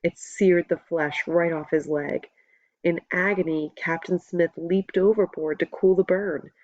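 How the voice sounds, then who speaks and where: A woman reading a novel aloud as a first-person audiobook narrator, in a steady, measured storytelling voice. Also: on the low side, dry recording, muffled recording.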